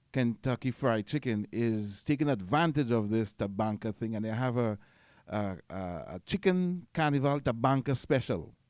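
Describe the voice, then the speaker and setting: A man's voice: fairly low pitch, a little mellow, dry recording, clean studio sound. A man from Trinidad with a Trinidadian accent, hosting a casual radio show in a chatty, jokey way. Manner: chatty and jokey, laughs often. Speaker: radio host.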